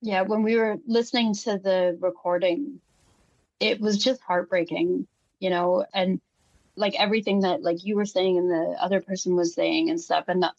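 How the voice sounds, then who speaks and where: A woman's voice: lowish voice, gravelly, no echo. Outspoken woman host on a dull mic. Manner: outspoken, swears freely. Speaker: podcast host. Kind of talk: casual conversation.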